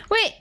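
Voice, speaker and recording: A woman streamer giving first-time gameplay commentary, excitable, laughing and swearing often as she talks to her chat. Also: a little hiss or hum. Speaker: gaming streamer.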